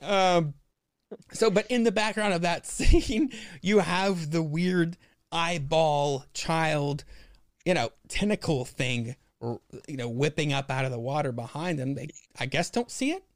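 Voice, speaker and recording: A man's voice: fairly high pitch, unhurried, no room sound. Podcast guy rambling about comics, swears a lot, dry close sound. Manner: rambling, profane, full of fillers and laughs. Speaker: podcast co-host. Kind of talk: casual chat about a comic book.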